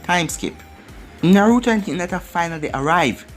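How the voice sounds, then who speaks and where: A man's voice: sits high, very animated, normal speed. A man narrating a fan fiction story aloud in a plain, run-on storytelling way, over faint music.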